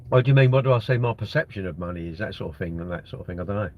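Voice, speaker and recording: Chatty older man, low voice. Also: expressive, racing, muffled recording. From Britain. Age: 60s. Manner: rambling, chatty, reads comments aloud and answers them. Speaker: livestream host. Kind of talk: casual live-stream chat reading viewer comments. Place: inside a parked car. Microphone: phone propped at the windscreen.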